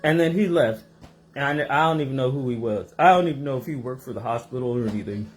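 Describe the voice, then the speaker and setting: A woman host telling a rambling personal story to her viewers in a casual, animated way, recorded in her home kitchen. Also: extremely low pitch, fast, soft background music. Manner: animated, rambling, acts out voices in her stories.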